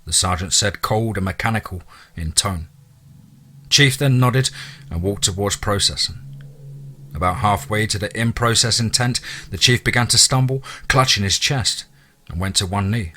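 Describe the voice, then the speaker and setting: A man narrating a monster horror story in a steady, dramatic reading. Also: lowish voice, moderate pace, husky.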